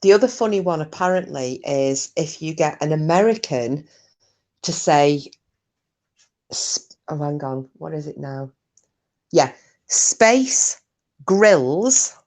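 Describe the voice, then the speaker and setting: A woman with an Australian accent and a low voice hosts a casual live stream. She chats with her viewers and answers them by name, breaking into giggles often. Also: a little slow, pauses often, dark tone.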